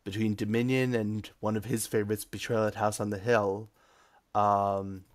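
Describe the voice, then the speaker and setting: A man from Massachusetts, a game designer, talking casually as a guest in an interview, relaxed and hesitant with frequent ums. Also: on the low side, normal speed. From Massachusetts, USA.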